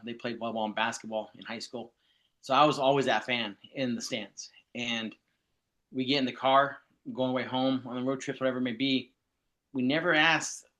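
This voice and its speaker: A man's voice: medium pitch, a bit bright. A male coach chatting on a panel in an easygoing, joking way. He circles back and restarts his sentences as he talks. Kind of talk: casual chat.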